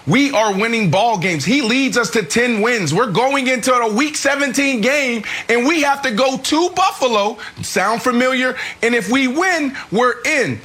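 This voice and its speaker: A man in his thirties, a former pro football player, telling an animated story on a sports talk show. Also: extremely high pitch. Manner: animated, fast-talking storyteller. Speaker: former NFL player, analyst.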